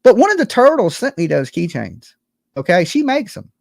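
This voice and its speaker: A man's voice: sits high, huge pitch swings, moderate pace, vocal fry, no room sound, studio quality. A man hosting a late-night livestream, ranting to his viewers in a heated, profane and emphatic way. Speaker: YouTube livestream host.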